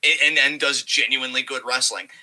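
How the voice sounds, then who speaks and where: Bright-voiced man in animated podcast chat. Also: medium pitch, rough recording. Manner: animated, profane, quick impressions of wrestlers. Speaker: podcast co-host. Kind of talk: casual wrestling podcast chat.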